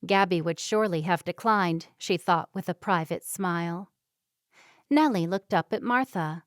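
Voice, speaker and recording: A woman narrating a romance novel audiobook in an even, measured reading. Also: lowish voice, no room sound, studio quality. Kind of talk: scripted narration.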